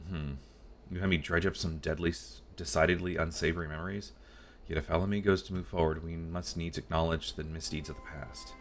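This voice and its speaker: A man voicing an old male royal scribe in a fantasy game, telling dark memories in solemn, archaic speech. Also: deep voice, fairly even intonation, a little fast, a little hiss or hum.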